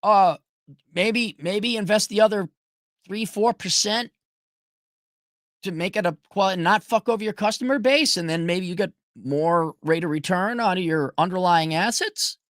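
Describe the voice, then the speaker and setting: A man's voice: high-pitched, a little slow, fairly bright tone, dry recording, studio quality. A man hosting a show, delivering a profane, sarcastic ranting monologue. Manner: sarcastic, swears a lot. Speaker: podcast host.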